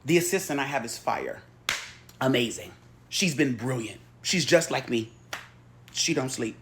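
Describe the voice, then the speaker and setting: A man hosting a spiritual healing show, talking in a casual, animated, profane and playful way. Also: medium pitch, measured pace, background noise. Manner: animated, profane and playful, acting out quoted voices.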